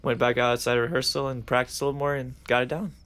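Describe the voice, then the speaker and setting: A man's voice: medium pitch, steady tone, quick pace, fairly bright tone, clear, resonant tone. A young man, a theatre student, chatting casually in an interview and saying "like" all the time. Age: young adult. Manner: chatty, says "like" constantly.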